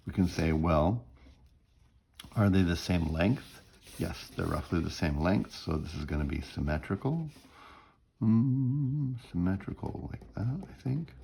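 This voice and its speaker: A man's voice: a bass voice, creaky, darkish tone, a little hiss or hum. A man teaching music theory in a recorded lecture, explaining step by step, humming bits of melody and often checking in with "right?".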